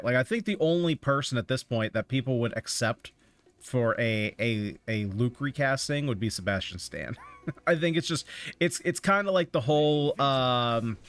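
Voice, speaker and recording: A man's voice: mid-range voice, lively intonation, normal speed, fairly bright tone. Male game streamer rambling casually. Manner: rambling, opinionated musing. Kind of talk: casual chat while playing a game.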